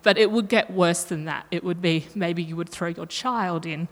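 A woman's voice: fairly low pitch, normal speed. Woman preacher, conversational sermon, checks in with the room, long hall reverb. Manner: chatty, self-correcting, asks the room questions.

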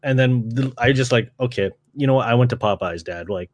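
Young guy hosting a podcast, swears a lot, acts out quotes in a high voice, dry sound. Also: brisk, no room sound. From Canada. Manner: laid-back, swears a lot, acts out quotes with a jump in pitch. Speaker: podcast host. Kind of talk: casual storytelling chat.

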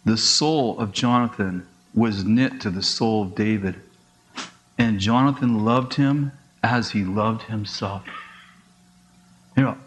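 In a medium-pitched voice, a middle-aged pastor delivers a conversational sermon, tossing in quick asides, acting out dialogue, and laughing. The audio quality is poor.

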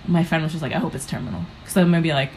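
Over a faint hiss on a rough recording, this young adult from the US talks rapid-fire in a gravelly, notably low voice with a darkish tone. Appearing as a comedian guest, she rambles through interview stories full of fillers, acting out how she reacted.

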